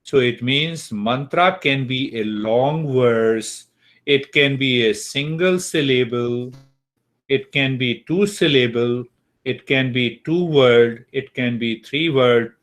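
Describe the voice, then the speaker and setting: Brief: man, spiritual teacher, unhurried class talk over a video call. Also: mid-range voice, fairly bright tone. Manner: slow, deliberate, checks in with students. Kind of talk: online class lecture.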